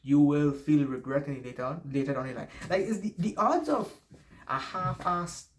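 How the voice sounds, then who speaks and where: Speaking at normal speed in an expressive, somewhat high voice, a man with a noticeable non-native accent gives casual life advice to camera. He rambles, corrects himself and swears freely, with slight background noise behind him.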